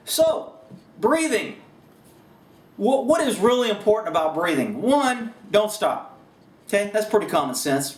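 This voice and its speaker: A man's voice: high-pitched, very animated, moderate pace, echoey room, far from the mic. A man with an American accent gives a casual, rambling firearms lesson indoors, with folksy asides and laughs. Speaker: firearms instructor. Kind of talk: casual instructional talk. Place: indoors, shooting range building.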